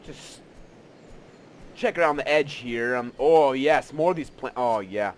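A man giving casual let's play commentary, excitable and rambling, often gasping and joking at himself. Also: mid-range voice, a little slow. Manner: excitable, rambling, gasps and self-mocking asides.

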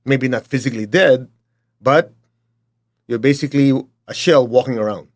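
Middle-aged man, Chinese accent, motivational teacher, blunt and emphatic, mid-pitched voice. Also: moderate pace. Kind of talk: motivational talk.

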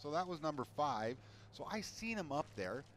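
A man's voice: a little high, sing-song, moderate pace, a little hiss or hum. Profane, frustrated man ranting over gameplay. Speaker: gamer commentating his own gameplay. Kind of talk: casual gameplay commentary. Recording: gameplay with loud gunfire behind. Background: game gunfire and clicks.

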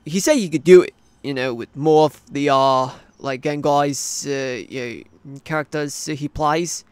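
A man's voice: fairly high pitch, unhurried, clean tone, no room sound, natural voice. Man doing a rambling Australian cartoon guy. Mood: complaining. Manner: rambling, full of fillers. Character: rambling male cartoon interviewee, adult. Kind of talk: hobby cartoon voice acting.

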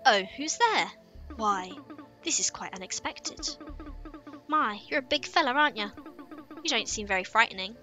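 A woman's voice: on the high side, lively intonation, moderate pace, long pauses, soft background music. A woman voicing a kindly old forest keeper. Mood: welcoming. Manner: chatty, gently welcoming.

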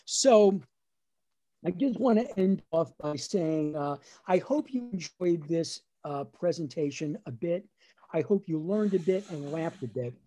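On a webinar video call, a middle-aged man from New Jersey, both lawyer and comedian, shares humorous family stories in stand-up style. His voice runs on the high side and he takes his time, animated as he performs each family member's voice.

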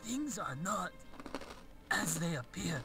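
An actor playing a mysterious dying old man who speaks in weak, halting phrases and coughs between words. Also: high-pitched, big pitch swings, gravelly, heavily acted. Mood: urgent, weak. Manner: slow and halting, trailing off. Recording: distant voice under loud music.

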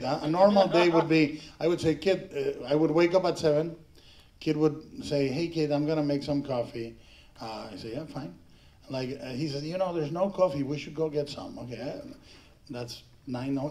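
Speaking on a panel in front of an audience at a film tribute, this middle-aged man from Mexico spins meandering, halting stories, often restarting and laughing. His pitch is fairly high and his tone dark.

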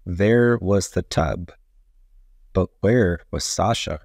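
A man narrating a children's story aloud, gentle and deliberate. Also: low voice, no room sound, studio quality.

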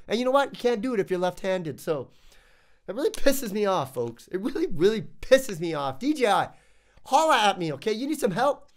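Animated, exasperated man ranting. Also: high voice, fairly quick. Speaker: tech reviewer. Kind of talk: casual vlog review rant.

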